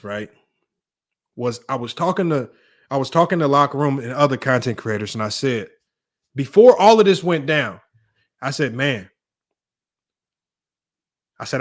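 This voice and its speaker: A man's voice: on the high side, animated, normal speed, long pauses, fairly bright tone. A young man hosting a sports debate livestream, riffing casually and joking as he talks straight at his viewers. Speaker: sports show host.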